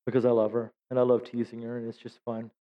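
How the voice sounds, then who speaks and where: A middle-aged man preaching a sermon as a pastor, telling humorous stories and acting out quotes in high voices. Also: monotone, quick pace, big-room sound, dull audio. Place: church sanctuary.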